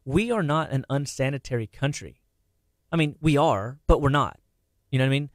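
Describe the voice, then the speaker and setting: A middle-aged man talking casually about health on a radio show, animated and quick, with many restarts and repeated words. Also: medium pitch, dry recording, clean studio sound.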